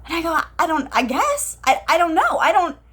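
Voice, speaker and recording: A woman talking live to her viewers about her spiritual experiences. She talks excitedly, repeats phrases and acts out the conversations she recounts. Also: very high-pitched, fairly quick. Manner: excited, breathless, repeats herself, tells stories with quoted dialogue. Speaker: spiritual channel host.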